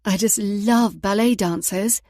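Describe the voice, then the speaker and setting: A woman's voice: measured pace, no echo, studio quality, lightly acted. A woman voicing a young woman spy who gushes like a fan in a put-on British accent. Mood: gushing. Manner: bright, gushing, higher and louder.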